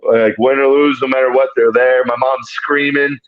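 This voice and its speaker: A man's voice: medium pitch, level tone, moderate pace. A man, a fighter, chatting in a laid-back, rambling way and laughing often. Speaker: bare-knuckle fighter. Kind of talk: casual interview chat. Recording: dull lo-fi audio.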